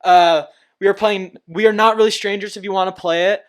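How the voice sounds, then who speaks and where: A man's voice: high voice, fairly even intonation, brisk, clear, resonant tone. A young man hosting a casual podcast chat with friends, earnest and encouraging, laughing often. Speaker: podcast host.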